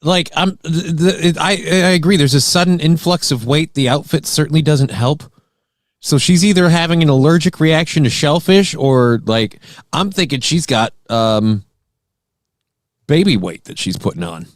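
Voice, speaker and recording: A man co-hosting a morning talk show, trading dry, agreeing quips. His voice sits a little high. The sound is close and dry. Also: expressive, moderate pace, dry recording. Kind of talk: casual talk-show banter.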